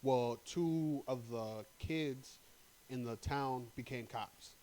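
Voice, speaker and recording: A man of middle pitch hosts a loose podcast chat. He swears freely and jumps into animated impressions of scenes from shows he has watched. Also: slow pace, a little hiss or hum, low-quality recording. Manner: profane, animated, acts out quotes. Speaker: podcast host. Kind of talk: casual chat.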